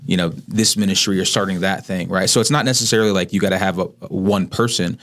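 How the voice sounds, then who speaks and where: A man's voice: sits low, steady tone, fast talker, fairly bright tone. A man in his thirties who is a pastor, co-hosting a podcast in an earnest, casual way that often ends with "right?". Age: 30s. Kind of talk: casual conversation.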